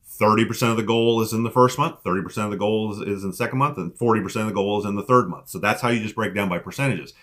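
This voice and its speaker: A man's voice: on the low side, rapid-fire, fairly bright tone. A man giving a motivational coaching talk on an online team call, emphatic and repeating his key lines for effect.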